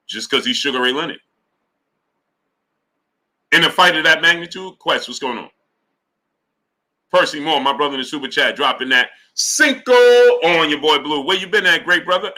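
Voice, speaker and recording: A man hosting a live boxing stream, reading viewer super chats and greeting them by name in an animated, casual way. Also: a little high, fairly quick, pauses often, rough recording. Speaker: boxing talk show host.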